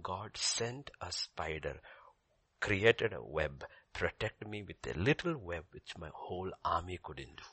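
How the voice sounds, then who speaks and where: An older man preaching a sermon as pastor, swinging between loud emphasis and soft near-whispers and repeating key phrases. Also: deep voice, sing-song, a little slow, slightly rough, no room sound.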